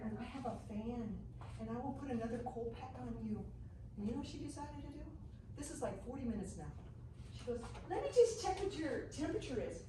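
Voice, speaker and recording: A woman teaching a health class who tells her stories in an animated way and often laughs. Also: a little high, a little fast. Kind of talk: casual storytelling class. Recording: echoey room, mic far off, noisy.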